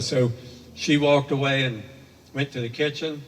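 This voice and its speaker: A man's voice: medium pitch, steady tone, a little slow. An older man rambling through a folksy spoken story with homespun asides, heard from far off in an echoey hall. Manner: rambling, homespun, with many fillers.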